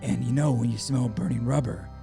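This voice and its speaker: A man playing a boastful werewolf with a growling, gravelly voice who drawls and calls people baby, in an improvised radio comedy. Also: mid-range voice, steady tone, brisk, close to an everyday voice. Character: boastful male werewolf, laid-back 1970s hipster. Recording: music playing behind. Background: music.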